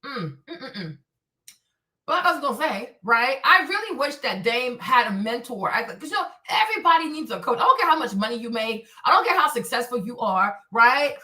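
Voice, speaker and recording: A woman hosting her own stream, talking in an animated, blunt way with plenty of profanity and repetition. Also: high-pitched, a little fast. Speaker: show host. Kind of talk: livestream commentary rant. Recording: echoey room, distant from mic.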